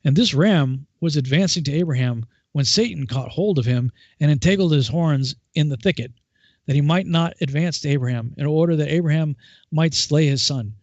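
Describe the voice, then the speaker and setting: A man hosting a Bible study, reading scripture aloud in a steady, measured way with small restarts. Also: fairly high pitch, dry recording. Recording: dull lo-fi dry sound.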